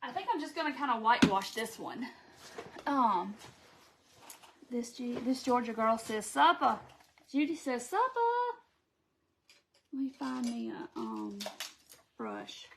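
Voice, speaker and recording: A woman from the American South with a Southern accent, talking through a craft project on a live stream. Her voice sits a little high, and she keeps up a friendly stream of chat, reading viewer comments aloud as she goes. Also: sing-song, measured pace, creaky, long pauses, background noise. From Southern United States. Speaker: craft tutorial host.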